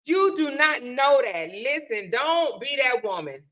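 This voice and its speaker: A woman's voice: high-pitched, very animated, unhurried, fairly bright tone. A middle-aged woman hosts a live stream, giving sassy, preachy advice and calling her viewers honey and child. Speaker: livestream host. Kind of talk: casual live-stream chat.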